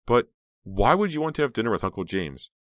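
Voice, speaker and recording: A man's voice: fairly low pitch, very animated, a little fast, no echo, studio quality, pitched above the performer's own voice. A man reading an audiobook, voicing a bitter, anxious teenage girl in a raised, pleading voice.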